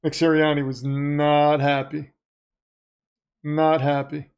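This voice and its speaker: Slow and flat in delivery, this man's slightly high voice is clear, resonant and a little mellow. He's hosting a live stream about a football game, chatting casually, calling plays, reading viewer comments and wandering off-topic.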